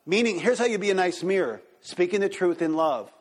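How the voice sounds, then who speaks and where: A man pastor teaching a church group and taking questions, animated and acting out quoted voices. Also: high-pitched, fairly quick. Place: church hall. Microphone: handheld microphone. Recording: reverberant hall.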